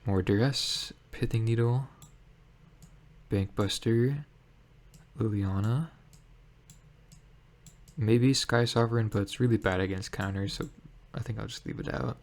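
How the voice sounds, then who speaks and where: A man giving casual commentary on his own card game, thinking aloud with many pauses and fillers. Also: mid-range voice, steady tone. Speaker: gameplay streamer.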